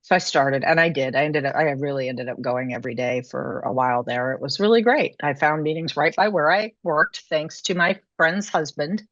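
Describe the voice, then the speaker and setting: Lower-voiced woman telling a story, muffled. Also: moderate pace, few pauses, a bit bright, no room sound. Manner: chatty, many "you know" and "like" fillers, laughs mid-story. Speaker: podcast guest. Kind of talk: casual storytelling interview. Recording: muffled lo-fi dry remote audio.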